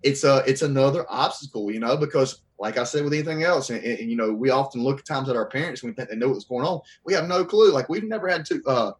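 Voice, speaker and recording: Animated man telling a story. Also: medium pitch, fast talker, few pauses. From Southern US. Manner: animated, acts out quoted voices. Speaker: podcast guest. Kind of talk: casual storytelling.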